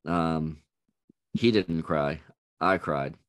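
A man with a very low voice co-hosts a podcast in loose, casual chat. He swears freely and tells stories in an animated way. The recording is dry and close. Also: very slow, no room sound. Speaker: podcast co-host.

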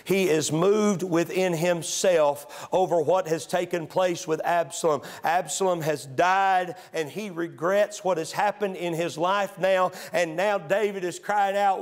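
A man pastor preaching a sermon in church, moving between calm teaching and loud, shouted exhortation. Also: high voice, moderate pace. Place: church sanctuary.

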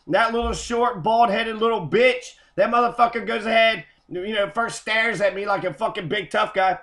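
A man's voice: very high voice, steady tone, brisk, hardly any pauses, sharp tone. A man in an angry, profane rant, cursing and repeating himself. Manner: heated, cursing, repetitive. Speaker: host.

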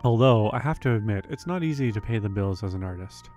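A man voicing a young woman artist from a farming game, speaking softly and earnestly. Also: lowish voice, expressive, quick pace, highs cut off, soft background music, lightly acted. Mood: wistful.

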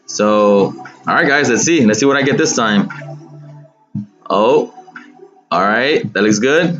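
A man's voice: on the low side, animated, moderate pace, a bit bright. A man hosting a gaming channel, chatting casually over gameplay with lots of fillers and restarts. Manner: rambling with many fillers and restarts. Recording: dull lo-fi sound with game music.

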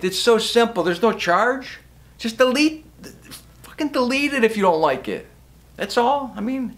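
Facing the camera in a casual vlog, a man with a high, slightly bright voice talks about his podcast. He sounds emotional and imploring, now and then raising his voice.

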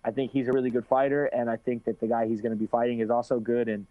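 A man's voice: medium pitch, little pitch movement, fast, no echo. A man rambling through a casual interview, restarting sentences and swearing freely. His voice comes through a tinny, phone-like line. The sound is dry and close. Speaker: guest fighter.

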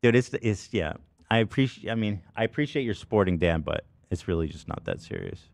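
A man's voice: lowish voice, expressive, a little fast, vocal fry, dry recording. A man hosting a podcast, in casual banter, sarcastically reading listener comments aloud. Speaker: podcast host.

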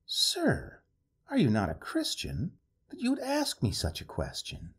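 A man voicing a stiff, pompous male clergyman in a storybook reading, raising his pitch in severe indignation, with a husky tone. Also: wildly swooping pitch, measured pace, a bit bright, exaggerated voice. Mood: indignant.

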